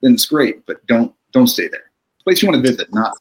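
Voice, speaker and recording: A middle-aged man, a therapist, talking calmly and reflectively in a podcast conversation, often checking in with "right?". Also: mid-range voice, fast talker, rough recording. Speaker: therapist guest.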